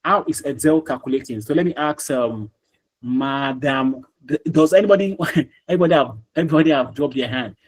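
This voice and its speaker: A man's voice: mid-range voice, a little fast, poor audio. A man teaching a live online class over a video call, repeating himself and quizzing students by name.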